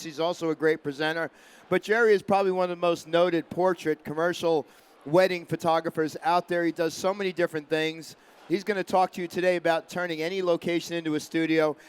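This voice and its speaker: A middle-aged man hosting a live stage show at a trade convention, introducing a speaker in an energetic, chatty way. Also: high voice, smooth. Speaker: host.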